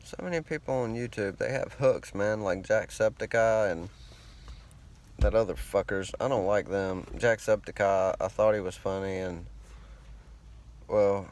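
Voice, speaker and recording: Slightly slow and a bit mellow, his voice falls on the low side. The man is a vlogger with a country drawl from rural America, and his monologue is rambling, self-conscious, and full of cursing.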